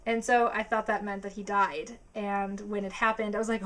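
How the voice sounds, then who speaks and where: Young female vlogger, excitable and fangirly, bright tone, casual to-camera chat. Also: medium pitch, normal speed. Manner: excitable, gushing, squeals and filler words.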